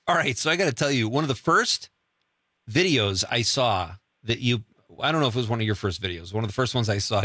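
A man's voice: mid-range voice, fairly bright tone, dry recording, clean studio sound. A man hosting an interview show, chatty and joking, laughing often. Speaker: show host. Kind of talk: casual interview.

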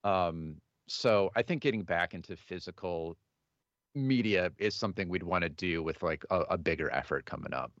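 A man in his thirties, a musician, answering interview questions casually, in a halting way with many fillers and restarts. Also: deep voice, a bit bright, dry recording, lo-fi sound. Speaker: musician guest.

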